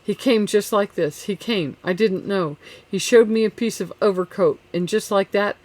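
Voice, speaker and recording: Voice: medium pitch, moderate pace, darkish tone, no echo, natural voice. Reader doing a grieving widow, listless and weary, audiobook character. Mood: dazed. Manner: listless, pleading.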